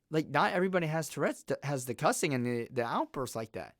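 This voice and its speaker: A young man tells personal stories in a casual, blunt, animated way. His voice sits a little high for a man. The recording is dry and close. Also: fast talker, no echo. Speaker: vlogger.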